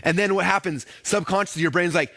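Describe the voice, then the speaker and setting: Guy teaching a live online class, talks super fast, kinda high voice, keeps going "okay?". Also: dry recording. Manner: energetic, checks in with "okay?" and acts out inner voices. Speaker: online course presenter. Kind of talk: live sales-training talk.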